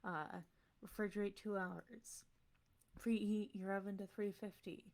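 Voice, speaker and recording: A just-woken woman giving an offhand, deadpan promo that rambles through a recipe. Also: mid-range voice, measured pace. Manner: sleepy, deadpan, trails off. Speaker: tournament competitor giving a promo.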